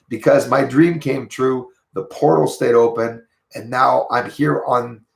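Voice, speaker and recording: Quebec-accented man, gravelly voice, rambling livestream host greeting his chat, echoey room. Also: medium pitch, a little slow, few pauses. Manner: rambling, chatty, greets viewers by name. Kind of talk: casual livestream chat, reading viewer comments.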